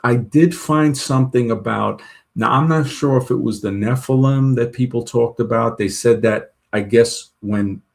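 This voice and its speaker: A man's voice: medium pitch, moderate pace, creaky, a little mellow. A man telling long personal stories in a casual chat, rambling with many restarts and retold dialogue. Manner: rambling, full of restarts and "she goes" retellings.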